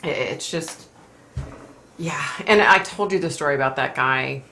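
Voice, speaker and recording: A woman's voice: low-pitched, unhurried, pushed and bright, slight background noise. A middle-aged woman hosting a casual live stream, talking in an emotional, rambling way with sighs and fillers. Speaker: host reading viewer comments.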